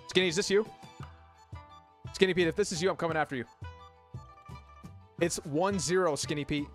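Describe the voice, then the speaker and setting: A man's voice: on the high side, normal speed, pauses often. A man streaming a game, chatting casually, ranting and swearing at chat. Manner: swears and rants, talks to chat. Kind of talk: casual gaming commentary. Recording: game music loud behind.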